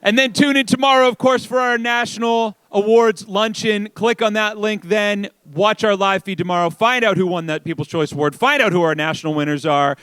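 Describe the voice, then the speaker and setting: A man hosting a live event, hyping up the audience with loud, energetic calls from a stage. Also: high-pitched, fairly quick, hardly any pauses, clean tone, dry recording. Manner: loud, energetic crowd warm-up. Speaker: event host. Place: large event hall with an audience.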